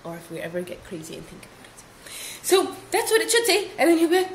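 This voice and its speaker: A woman's voice: very high-pitched, huge pitch swings, quick pace. A young woman rambling through a comedic vlog, playful and silly, with giggly asides. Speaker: vlogger. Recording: echoey room with faint hiss.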